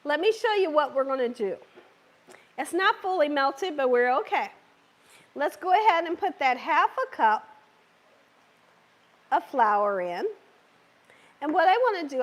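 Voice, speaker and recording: A woman's high voice, roughened to a hoarse scratch, leads a live cooking demonstration from her home kitchen. She is chatty and reassuring and keeps checking in with viewers as she works. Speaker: cooking channel host.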